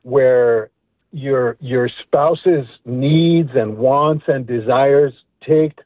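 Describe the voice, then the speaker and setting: A man's voice: mid-range voice, extremely slow, no echo. A middle-aged man calling in to a radio show, earnest and reflective, restarting his words as he thinks. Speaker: caller. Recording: tinny phone line.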